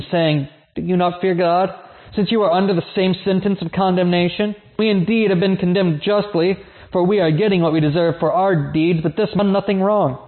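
A man giving a measured, solemn liturgical scripture reading. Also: fairly high pitch. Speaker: scripture reader. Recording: tinny phone-like sound.

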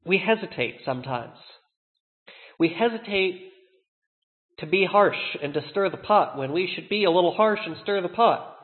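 A man preaching a sermon as a pastor, earnest, slowing down to stress key words. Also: high-pitched, animated. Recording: tinny, echoey hall.

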